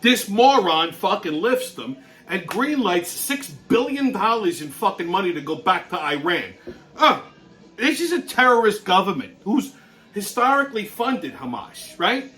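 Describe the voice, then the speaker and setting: A man's voice: high voice, big pitch swings, a little slow, a bit bright. A man hosting his show, ranting bluntly in a heavily profane monologue and laughing through his own stories. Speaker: show host.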